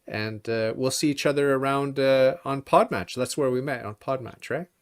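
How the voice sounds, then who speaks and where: A man hosting a casual interview over a video call, friendly and quick to laugh. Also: medium pitch. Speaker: podcast host.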